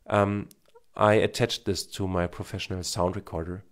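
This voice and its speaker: A man's voice: sits low, flat delivery, normal speed. A man in his thirties with a German accent, slightly tinged with Indian, giving earnest, encouraging advice to camera, with many fillers. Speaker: marketing coach, former TV cameraman. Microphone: smartphone with an external microphone.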